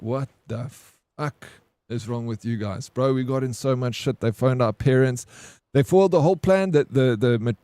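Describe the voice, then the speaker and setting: With a mid-range, dark-toned voice and no echo, a man casually tells his stream chat a story. He's laid-back, swears, and keeps calling people "bro."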